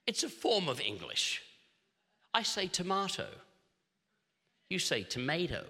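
Australian male pastor, middle-aged, high and brilliant tone, animated storyteller. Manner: animated humorous storytelling with quick restarts. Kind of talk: sermon. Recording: long hall reverb.

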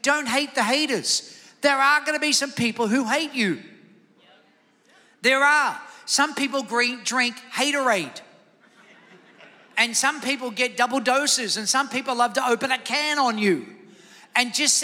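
A man preaching a sermon as pastor, energetic, calling out to the congregation for responses in a church sanctuary. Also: extremely high pitch, a little slow, long reverb tail.

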